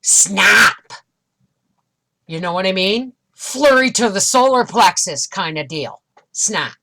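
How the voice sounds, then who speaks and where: A woman's voice: mid-range voice, animated, a little slow, a bit bright. A middle-aged woman vlogger animatedly retelling a frustrating experience in a casual storytelling way. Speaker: homestead vlogger.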